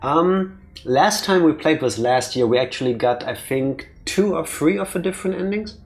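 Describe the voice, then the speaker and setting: A man's voice: on the high side, lively intonation. Joking man playing a game on stream. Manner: joking, chatty, quick to tease. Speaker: let's play host. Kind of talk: casual gaming commentary.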